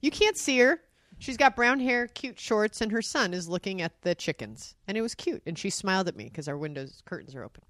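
A woman's voice: medium pitch, lively intonation, fairly quick, a bit bright, no room sound. A woman co-hosting a podcast in casual chat, telling stories in an emotional, rambling way. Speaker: podcast co-host.

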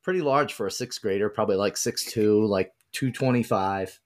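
Low-voiced, laid-back male storyteller. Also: normal speed. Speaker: podcast co-host. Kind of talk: casual storytelling.

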